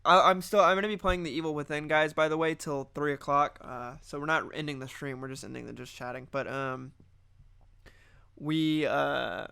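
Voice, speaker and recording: Young man, casual chat, rambling storyteller, slightly high voice. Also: steady tone, normal speed, vocal fry, sharp tone, clear, resonant tone. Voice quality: rambling storyteller, lots of restarts. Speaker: podcast and stream host.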